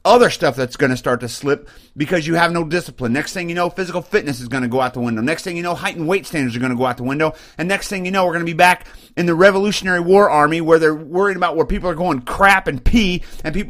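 A man's voice: a little high, quick pace, hardly any pauses, a bit bright. A man, an Army sergeant, hosting an opinion podcast and ranting bluntly and mockingly, getting worked up, recorded on a computer microphone. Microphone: webcam and computer mic.

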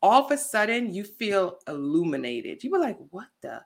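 A woman guest on a chatty podcast, her pitch swinging widely as she tells stories. She acts out what friends and strangers said in quick little voices. The delivery is loose and conversational. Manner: animated storytelling, acts out quotes. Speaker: guest, plant-based lifestyle influencer. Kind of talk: casual podcast chat.

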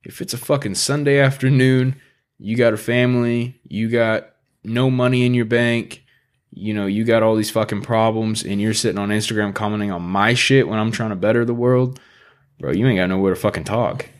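A male podcast co-host talking in a loose, casual chat. His voice sits a bit low, and he tells stories bluntly, with plenty of profanity. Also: moderate pace. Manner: blunt, profane, animated storytelling.

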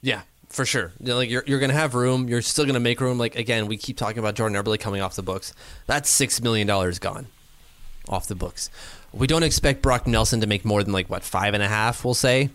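Man, mid pitch, casual sports talk, rambling; dry recording. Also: steady tone, a bit bright, dry recording. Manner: rambling, doing quick mental math aloud.

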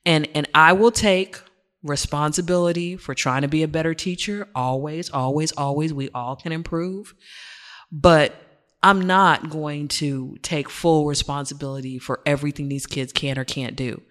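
A woman's voice: low voice, fairly even intonation, normal speed. A middle-aged woman, a teacher and guest on a podcast, speaking firmly and repeating phrases for emphasis. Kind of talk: casual podcast chat.

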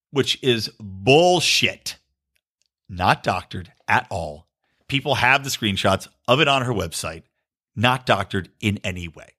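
A man's voice: mid-range voice, big pitch swings, moderate pace, pushed and bright. A man hosting a political podcast, ranting with profanity and sarcastic mock quotes. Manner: profane, sarcastic, mocking voices of others. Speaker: podcast host.

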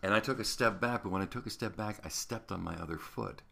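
Middle-aged male guest, deep and bright-toned, lively storyteller who voices the people in his stories. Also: fast talker, vocal fry. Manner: animated anecdotes, acts out other people's lines. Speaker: guest, veteran radio host. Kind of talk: casual storytelling.

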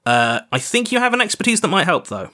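A man's voice: high voice, sing-song, quick pace, sharp tone. A man narrating as game master, easygoing and hesitant with frequent fillers.

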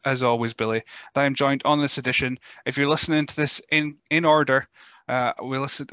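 A man's voice: mid-range voice, sharp tone, dull audio. A man with a northern Scottish accent hosting a podcast, chatty and self-deprecating. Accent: Scottish, northern Scotland. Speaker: podcast host. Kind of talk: casual interview chat.

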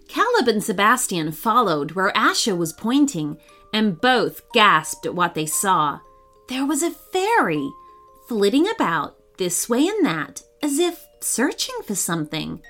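A woman hosting a children's story show, reading aloud in an animated, expressive storybook manner. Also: mid-range voice, a little slow, faint music behind.

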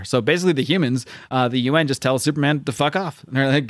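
A man's voice: mid-range voice, quick pace, hardly any pauses, dry recording, studio quality. A man casually recapping a story, rambling with many fillers and restarts, often laughing.

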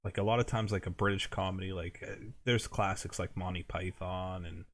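A man's voice: sits low, fairly even intonation, fairly quick. An American man co-hosting a podcast, chatting casually and rambling with lots of filler words. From United States. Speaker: podcast co-host. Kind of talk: casual chat.

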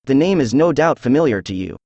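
A man's voice: mid-range voice, fairly quick, no room sound, lo-fi sound. A synthetic man voicing a proud masked king. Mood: formal. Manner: flat synthetic reading of the king's lines. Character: proud masked Bohemian king, tall and anxious. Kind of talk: text-to-speech audiobook dialogue.

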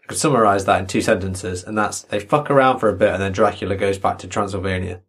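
A man's voice: low voice, fairly even intonation, fast talker, a bit bright, breathy edge. A man in casual podcast chat, mocking a book with sweary sarcasm.

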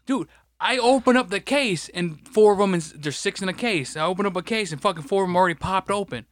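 In a dry, studio-quality recording, a man with a high-pitched voice talks at a quick pace as a podcast co-host who works as a grocery stocker. His casual chat is rambling and frustrated, peppered with frequent swearing.

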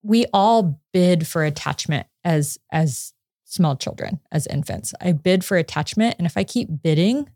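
A woman in her thirties, a psychotherapist guest on a podcast, telling a personal story in a lively way, laughing often and acting out what people said. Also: lowish voice, measured pace, no echo, clean studio sound. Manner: animated storytelling, acts out quotes, laughs often. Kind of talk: casual podcast conversation.

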